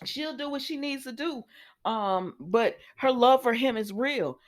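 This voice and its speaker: A woman's voice: on the high side, expressive, a little slow. A woman chatting casually to her viewers as she recaps a soap opera, laughing often and sounding a little sniffly. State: sniffly with sinus trouble.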